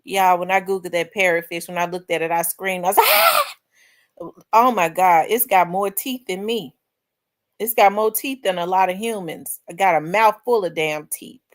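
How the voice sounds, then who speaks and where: A middle-aged woman hosting a livestream, chatting casually with her viewers and telling animated, laughing stories. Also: on the low side, normal speed. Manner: animated, laughing, storytelling to the audience. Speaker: livestream host.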